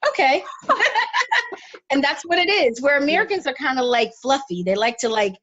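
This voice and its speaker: A woman guest speaks in a relaxed, frank way, dropping slang as she tells her story. Her voice sits a little high, and the recording sounds somewhat dull and muffled. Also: fast. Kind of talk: casual chat.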